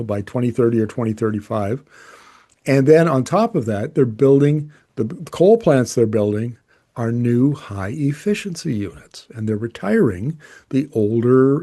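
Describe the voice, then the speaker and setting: Mellow-voiced man explaining energy markets. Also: mid-range voice. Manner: casual and opinionated, with frequent restarts. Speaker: energy journalist. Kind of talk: explanatory commentary.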